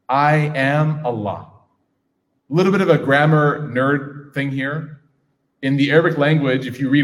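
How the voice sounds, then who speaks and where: Man teaching a class in a reverberant hall. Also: a little high. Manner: engaging, asks the audience questions.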